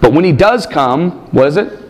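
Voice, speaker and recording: A man with a high, lively voice lectures a class on scripture. He fires off rhetorical questions and leans hard on his key points, his pitch leaping around as he teaches. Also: moderate pace. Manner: animated, rhetorical questions, emphatic. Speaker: Bible teacher.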